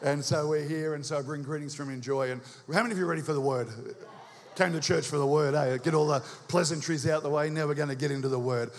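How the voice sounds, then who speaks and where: A visiting preacher, an Australian man with a high voice, delivers a sermon quickly and energetically, rousing the congregation with call-and-response. Long church reverb makes his voice ring out.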